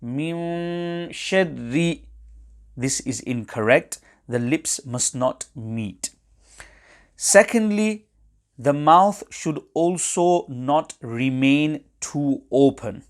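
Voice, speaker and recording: A man's voice: mid-range voice, animated, slow. A man teaching Quran recitation in an instructional webinar, explaining pronunciation carefully and reciting short examples.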